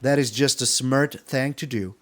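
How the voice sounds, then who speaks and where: A young man giving casual gameplay commentary, playful and taunting, swinging between excited high bursts and low mutters. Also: moderate pace. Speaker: game streamer.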